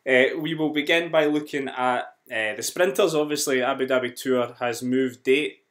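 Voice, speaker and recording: A man with a West of Scotland accent, hosting an interview in a friendly, measured way with some fillers. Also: medium pitch, fairly bright tone. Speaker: host.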